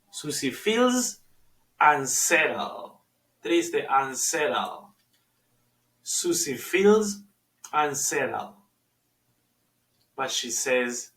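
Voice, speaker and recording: A man teaching an English lesson, repeating phrases slowly for his students to drill and stopping to explain pronunciation. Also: medium pitch, lively intonation, fairly bright tone. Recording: echoey room, far from the mic.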